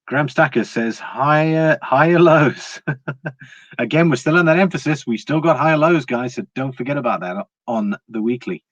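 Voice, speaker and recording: A man's voice: medium pitch, no echo, low-quality recording. A man hosting a casual livestream, chatting to viewers, laughing often and restarting his words. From Britain. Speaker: livestream host.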